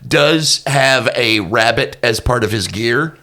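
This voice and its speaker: Guy at a tabletop game cracking jokes, bright voice, slow, swoops around. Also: mid-range voice. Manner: playful jokey delivery. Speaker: player. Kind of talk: casual comedic game chat.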